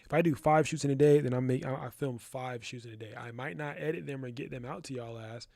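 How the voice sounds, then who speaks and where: Streaming a photography lesson live from his studio, this young man rambles in slang and says "bro" constantly. His medium-pitched voice is quick, darkish, and touched with vocal fry, and the recording has no echo.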